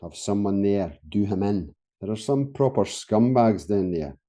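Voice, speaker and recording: A man voicing a grumbling space soldier who mocks everything. His voice is dark and mellow, mid-pitched, the sarcasm laid on dry. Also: lively intonation, a little slow. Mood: sarcastic. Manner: sardonic, dry. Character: sarcastic rebellious male soldier. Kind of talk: audio comedy acting.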